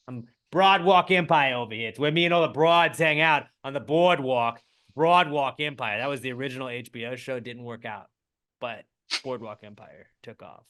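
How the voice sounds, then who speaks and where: A man's voice: medium pitch, sharp tone. A young adult man co-hosting a podcast in casual chat, joking and trying out mock old-timey voices. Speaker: podcast co-host.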